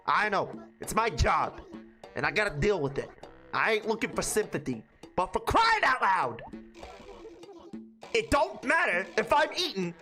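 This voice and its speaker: A woman voicing a grumpy male mole who lectures the player in a gruff tough-guy drawl. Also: a little high, fairly bright tone. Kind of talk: reading game dialogue aloud in character.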